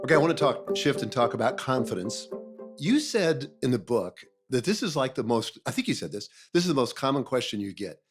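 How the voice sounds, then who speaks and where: A man's voice: mid-range voice, very animated, fairly quick, husky, soft background music. A man hosting an interview, affirming his guest and posing questions with some hesitation. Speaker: host.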